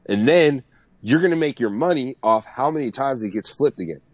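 A man's voice: mid-range voice, expressive, brisk, a little mellow, no echo. A man in his thirties, a music producer guest, giving blunt and profane advice in casual podcast chat.

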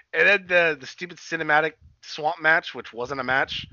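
On a casual wrestling podcast, a male co-host rambles profanely and retells scenes. His fairly high, sharp-toned voice is unhurried, and the recording sounds dull, dry and lo-fi.

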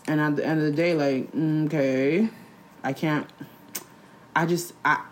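Young woman chatting, blunt and slangy, lots of "like", lowish voice. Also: a little slow. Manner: blunt, animated, slangy, says "like" often. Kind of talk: casual chat.

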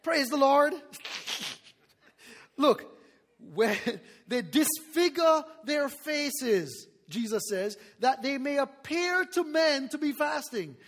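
A pastor preaches a sermon in an animated way, laughing often and calling out for responses from the congregation. His voice is very high-pitched and slow, with a long reverb tail.

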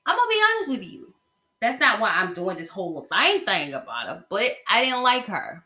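A woman's voice: mid-range voice, very animated, normal speed, sharp tone, echoey room. A woman from the American South hosting a podcast, talking about reality TV in a blunt, chatty gossip style, with slang and lots of fillers. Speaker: podcast host. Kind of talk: casual gossip monologue.

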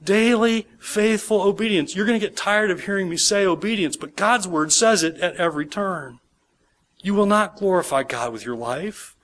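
A man's voice: high voice, normal speed, fairly bright tone. A man pastor preaching a sermon, emphatic and repeating key words for stress.

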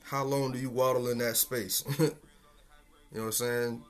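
A man's voice: medium pitch, flat delivery, a little slow. A man hosting a casual solo podcast, talking in a laid-back, slangy and profane way and chuckling often. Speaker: podcast host.

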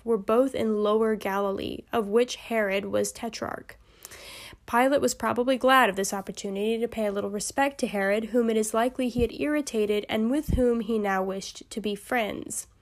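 A woman hosting a Bible study podcast, reading passages steadily and breaking into chatty, amused asides. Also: medium pitch.

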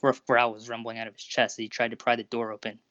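A narrator reading fan fiction aloud in a steady, even manner over a Discord call. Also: mid-range voice, quick pace, dry recording. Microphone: Discord voice call recording. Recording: dull lo-fi Discord audio.

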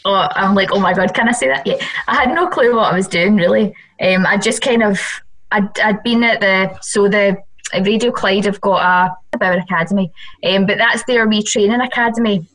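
A woman's voice: mid-range voice, normal speed, a bit bright. A Scottish woman, a radio presenter, chatting casually as a guest, giggly and prone to slipping into put-on voices. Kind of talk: casual chat.

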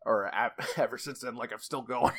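Brief: young male podcast co-host, mid-pitched, loose rambling storyteller who laughs a lot. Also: normal speed, a bit bright, husky. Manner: rambling, many restarts and fillers, laughs a lot. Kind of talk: casual storytelling chat.

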